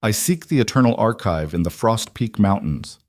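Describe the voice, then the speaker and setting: A man's voice: fairly low pitch, animated, normal speed, darkish tone, close to an everyday voice. A man voicing a defiant young lycan queen. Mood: determined. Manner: terse, determined.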